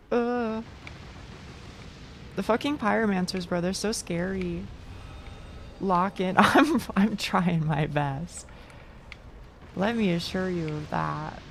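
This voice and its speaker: A young woman VTuber plays a video game for her chat, swearing freely and making fun of herself in casual stream talk. Her voice is mid-range, with a little hiss or hum in the background.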